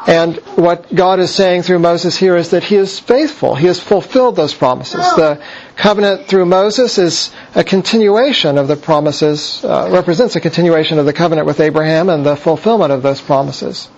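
A man teaches verse by verse through scripture, explaining each point in a measured way with frequent pauses and restarts. His voice sits a little high for a man. The recording is dull and lo-fi. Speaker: Bible teacher.

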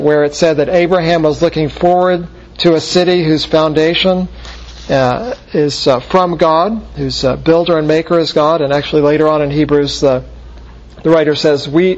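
Man teaching scripture, dull lo-fi sound. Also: on the high side. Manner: explanatory, asks checking questions like "okay?" and "right?". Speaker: preacher. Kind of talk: expository Bible teaching. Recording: dull lo-fi recording.

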